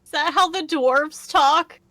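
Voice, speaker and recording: A woman's voice: high-pitched, slow pace, sharp tone, no echo, studio quality. A woman chatting as a tabletop game player, teasing and mock-indignant. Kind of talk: casual tabletop game chat.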